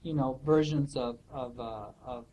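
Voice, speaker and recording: A man's voice: mid-range voice, fairly even intonation, a little slow, mellow, highs cut off, a little hiss or hum. A man answering student questions in a casual academic way, thoughtful and hesitant, with many fillers and restarts. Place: office hour recording.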